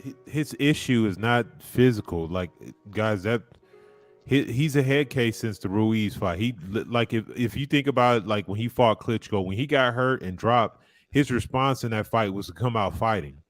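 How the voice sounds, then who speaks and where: A man's voice: on the low side, moderate pace, faint music behind. A man co-hosting a casual boxing chat, arguing his point emphatically and calling people bro. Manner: emphatic, argumentative, says bro. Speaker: boxing podcast co-host. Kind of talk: casual fight-talk chat.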